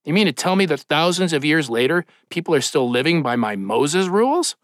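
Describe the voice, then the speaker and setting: A man's voice: fairly high pitch, big pitch swings, brisk, no echo, clean studio sound. A man voicing a casual, irreverent male god who waves off his own old rules. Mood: offhand. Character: blunt folksy male deity, easily bored.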